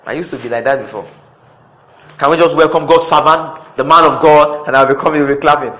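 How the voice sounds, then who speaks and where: A middle-aged man preaching a sermon, swinging between loud exclamations and quiet asides. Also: on the high side, fairly quick, low-quality recording.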